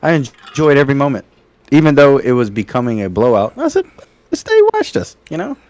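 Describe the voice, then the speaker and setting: A man's voice: medium pitch, big pitch swings, fast, darkish tone, no room sound. A man co-hosting a podcast in casual chat, joking and teasing and laughing often. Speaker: podcast co-host.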